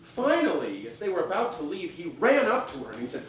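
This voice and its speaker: A man spins gossipy stories onstage in a lively, sing-song delivery full of theatrical flair. He is heard from a distance in an echoey theater, with a faint hiss underneath. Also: a little high, a little fast, few pauses, a crowd in the background. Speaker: solo stage performer. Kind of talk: live stage storytelling. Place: theater stage, live audience.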